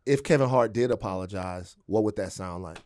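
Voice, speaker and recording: A man hosting a podcast, telling stories in a casual, animated way and swearing freely. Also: fairly low pitch, a little fast. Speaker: podcast host. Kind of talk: casual chat.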